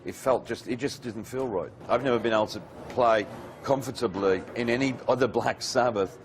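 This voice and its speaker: A band member speaking quietly and earnestly, reflecting on a hard decision. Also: male voice, medium pitch, moderate pace, a little hiss or hum.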